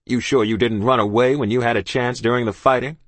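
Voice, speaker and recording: A man's voice: mid-range voice, fairly even intonation, fairly quick, no echo, lightly acted. A man playing an icy, snarling old sea captain. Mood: cold, snarling. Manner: icy, curt, snarling commands. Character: cold, stern older male ship captain.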